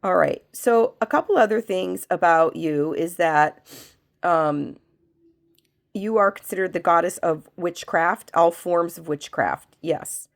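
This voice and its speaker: A woman who has a cold, working as a medium, leads a spiritual pendulum reading and asks slow yes-no questions that she answers herself. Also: fairly low pitch, vocal fry. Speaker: medium and reiki practitioner.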